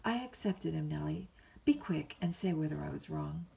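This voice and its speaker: Woman doing a petulant young lady, twenty-two, peevish, pleading, low gravelly voice, storybook reading. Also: animated, dark tone, full character voice. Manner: petulant, pleading, quick to flare up.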